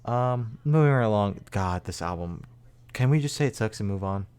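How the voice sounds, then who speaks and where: A man's voice: fairly low pitch, expressive, normal speed, darkish tone, clean tone. A man co-hosting a music podcast, chatting casually in a rambling way and swearing freely. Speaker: podcast co-host. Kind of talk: casual chat.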